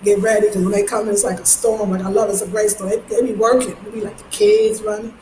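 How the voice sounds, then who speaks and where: A woman from New York, chatting casually in a vlog, slangy and animated, breaking into high mimicking voices. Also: fast. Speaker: vlogger. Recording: echoey space with faint ambient noise.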